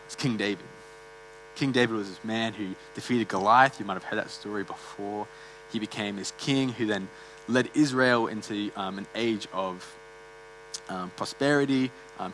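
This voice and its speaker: A man with a lowish, bright and forceful voice preaches a sermon in a church. He talks in an earnest, conversational way, full of fillers and restarts, over a faint electrical hum. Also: rough recording.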